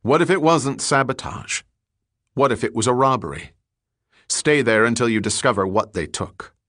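A man's voice: mid-range voice, moderate pace, a bit bright, no room sound, studio quality, natural voice. A man voicing a grim, cold-eyed detective who speaks bluntly. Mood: urgent.

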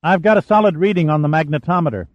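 A man voicing an eager young male console operator who calls out contacts in a rapid, keyed-up way. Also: on the high side, no room sound, dull audio, pitched above the performer's own voice, natural voice.

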